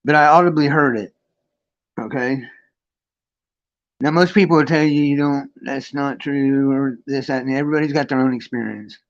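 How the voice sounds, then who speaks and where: A man's voice: medium pitch, steady tone, moderate pace, pauses often. Guy rambling thru his spirit story on a stream, swears a lot, voice kinda muffled. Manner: rambling, frequent restarts and profanity; reads and greets chat between story. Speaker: livestream host. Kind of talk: casual storytelling on a livestream. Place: his friend's home.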